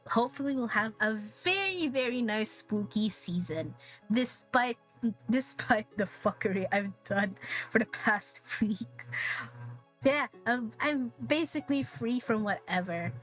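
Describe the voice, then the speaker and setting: A young woman from the Philippines chatting casually on her stream, rambling, swearing a lot and laughing often. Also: a little high. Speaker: VTuber streamer.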